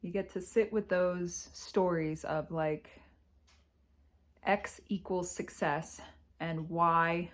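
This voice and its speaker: A woman speaking in a candid confessional vlog from her parents' house, reflective and halting, with sighs and pauses, close to tears. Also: fairly low pitch. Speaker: vlogger.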